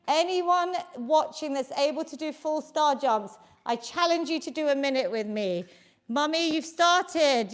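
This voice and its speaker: A woman leading a live home workout, encouraging everyone and counting the reps aloud. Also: high voice. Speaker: fitness instructor. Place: home basement.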